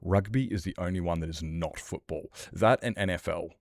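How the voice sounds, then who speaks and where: Deep-voiced man ranting on stream. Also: moderate pace, dry recording. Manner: ranting, worked-up, playful. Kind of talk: casual live-stream chat.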